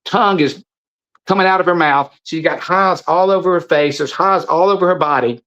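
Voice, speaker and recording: A supplement seller, middle-aged and appearing as a guest, talks a little fast in a somewhat bright voice on the high side. His monologue is passionate and preachy, with phrases said again and again and sentences that stumble and restart. The recording has its highs cut off.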